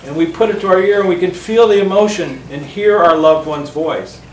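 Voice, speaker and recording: A man, an author speaking to a book club, telling earnest stories with animated delivery and acting out the voices he quotes. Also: sits high, a little fast, a little hiss or hum. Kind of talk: storytelling talk to a small audience. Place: book club meeting room. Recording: roomy, distant mic.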